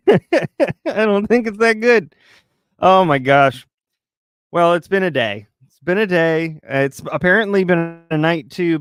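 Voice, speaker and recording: A man's voice: mid-range voice, smooth, no echo, studio quality. A man hosting a live stream from his recliner at home, chatting casually and joking with his viewers. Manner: chatty, joking, rambling asides.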